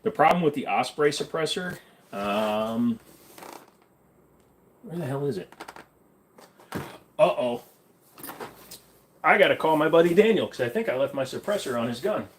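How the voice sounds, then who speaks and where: A man's voice: on the high side, expressive, a little slow, long pauses, slight background noise. Blunt, offhand man hosting a stream. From Canada. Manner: offhand, blunt, swears casually. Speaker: livestream host reading chat. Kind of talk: casual livestream chat.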